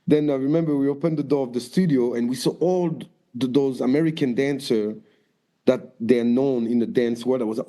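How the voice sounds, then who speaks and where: Speaking briskly in a mid-range voice, a Frenchman with a noticeable accent recounts stories as a guest dancer in a relaxed interview. He gets animated, raising his voice to act out quotes.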